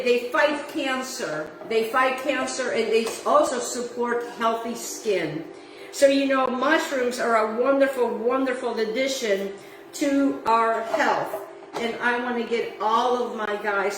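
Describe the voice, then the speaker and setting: A woman's voice: on the high side, distant mic. A woman hosting a home cooking demonstration in her kitchen, talking in a gushing, effusive way and now and then singing her words. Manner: effusive, gushing, sometimes sings phrases. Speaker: cooking show host. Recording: echoey room with faint background noise.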